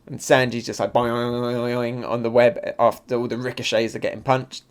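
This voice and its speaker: A man hosting a live comic reaction and review, excitable and thinking aloud with fillers. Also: mid-range voice, brisk, smooth. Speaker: manga reaction channel host.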